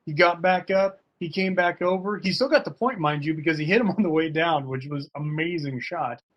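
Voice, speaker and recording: A man's voice: fairly high pitch, brisk, a bit bright, highs cut off. A man talking casually and emphatically as a fencing coach in an online workshop, full of slang. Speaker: fencing coach and guest speaker.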